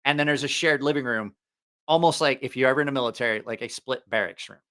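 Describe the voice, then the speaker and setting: A man's voice: mid-range voice, quick pace, pushed and bright. A man hosting a live stream, telling a rambling, profane story in a casual way and laughing at his own jokes.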